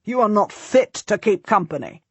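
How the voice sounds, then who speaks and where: A woman's voice: medium pitch, lively intonation, moderate pace, gravelly, slightly rough, no echo, pitched above the performer's own voice. A woman reading an audiobook voices a haughty earl who snaps orders. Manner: curt, snapping. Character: older nobleman, haughty earl. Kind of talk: audiobook narration.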